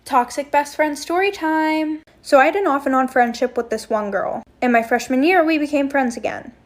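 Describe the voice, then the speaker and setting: Young woman, storytime, high voice, blunt gossipy swearing. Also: normal speed. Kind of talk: storytime monologue.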